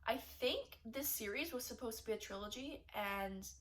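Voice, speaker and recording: A woman's voice: a little high, normal speed. A woman talking casually from her bed in a book vlog, chatty and gushing with lots of fillers. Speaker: book vlogger. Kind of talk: casual reading vlog chat. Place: bedroom, in bed.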